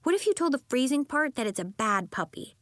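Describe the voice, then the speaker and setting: A woman puts on a young shapeshifting girl for a storybook reading, high-pitched and bouncing with expression. She sounds bright, eager and insistent, and the recording is close and dry. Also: big pitch swings, brisk, dry recording. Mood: coaxing. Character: eager young girl who shifts into animals.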